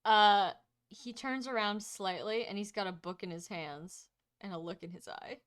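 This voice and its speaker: A woman's voice: mid-range voice, normal speed, a bit bright, clear, resonant tone. A woman running a tabletop game as game master, chatty, laughing often and trailing off into fillers.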